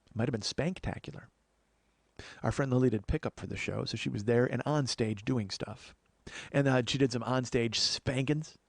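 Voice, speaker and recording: A man's voice: mid-range voice, moderate pace, vocal fry, no room sound. A man hosting a comedy podcast, chatting casually and jokily, rambling with frequent restarts. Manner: rambling, joking, lots of "uh" restarts. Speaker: podcast host.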